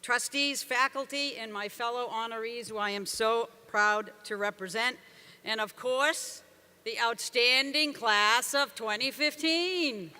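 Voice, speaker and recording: A woman's voice: a little high, a little slow, sharp tone, clean tone. A woman giving a commencement speech, joking and emphatic as she rouses the crowd. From Boston area, USA. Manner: jokey, emphatic, rousing the crowd. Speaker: commencement speaker. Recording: long reverb from a large venue.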